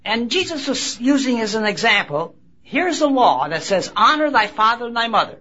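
A man preaching a sermon at a religious convention, speaking haltingly with restarts and emphatic rises. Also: high voice, bright, forceful tone, slightly rough. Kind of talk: sermon with Bible reading. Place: convention gathering. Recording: dull lo-fi recording.

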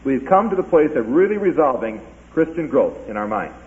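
Guy preaching, retells the story all lively, acts out the lines, sounds like it's coming through a phone. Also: mid-range voice, moderate pace, phone-quality sound. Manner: animated storytelling, acting out characters' lines. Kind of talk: sermon.

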